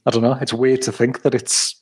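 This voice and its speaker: Husky-voiced guy co-hosting, mid pitch, rambly sweary chat with lots of ums. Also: little pitch movement, fairly quick, darkish tone. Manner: meandering, sweary, filler-heavy chat. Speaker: podcast co-host. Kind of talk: casual chat.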